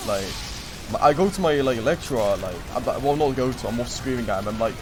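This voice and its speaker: A man's voice: mid-range voice, lively intonation, fast talker. A young man streaming, telling a rambling story in casual chat with lots of fillers and acted-out quotes. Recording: music playing behind.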